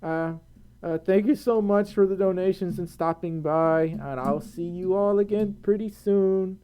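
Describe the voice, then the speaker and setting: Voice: medium pitch, a little slow, smooth, muffled recording. A tired American streamer chatting casually on a live stream, giggling and rambling while reading out viewer donations. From United States.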